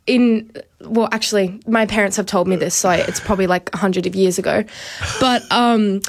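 A woman's voice: medium pitch, steady tone, moderate pace, slight background noise. Giggly teenage girl radio guest. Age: teens. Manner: giggly, explaining with a laugh. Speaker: work experience student guest. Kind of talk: casual radio chat.

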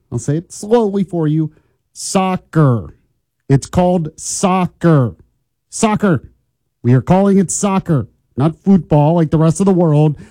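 A man's voice: a little high, mellow, dry recording. Opinionated talk radio host, man. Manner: opinionated, chatty, teasing. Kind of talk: morning talk radio monologue. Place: radio studio.

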